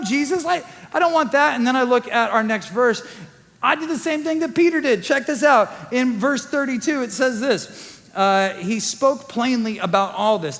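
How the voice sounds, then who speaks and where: A male pastor preaching a sermon in a conversational way, acting out quick quoted asides. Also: high voice, fairly bright tone. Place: church sanctuary. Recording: long church hall reverb.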